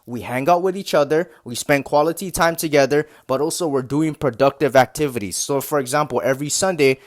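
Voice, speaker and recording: A young man talks straight to his viewers about relationships. His voice sits a little high for a man. He is blunt and swears freely, and he keeps dropping in filler phrases and mocking imitations. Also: brisk. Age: young adult. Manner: blunt, swears often, animated mocking asides; heavy use of filler phrases. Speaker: motivational content creator. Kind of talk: casual advice monologue.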